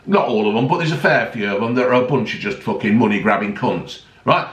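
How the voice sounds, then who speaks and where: Heated, sarcastic vlogger ranting with lots of swearing; recorded in an echoey room, set back from the mic. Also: male voice, fairly low pitch, lively intonation, fairly quick, distant mic. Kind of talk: angry ranting monologue. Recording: roomy, voice a bit off-mic.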